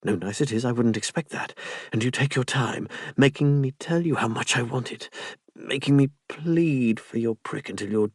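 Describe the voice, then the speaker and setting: A man's voice: normal speed, breathy edge, no echo, clean studio sound, close to an everyday voice. A man doing a murmuring, shameless lover. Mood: breathless. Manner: low hushed murmur. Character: bold, shameless adult man lover, whispering. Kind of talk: audiobook character voice.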